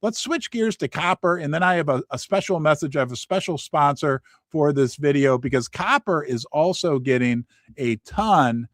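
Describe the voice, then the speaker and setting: A middle-aged man from the United States talks through market news from his basement in a casual, joking way. His voice sits high and swings widely in pitch, with many restarts and asides. The sound is dry, with little room echo. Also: moderate pace. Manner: animated, jokey, rambling with restarts and asides. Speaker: host.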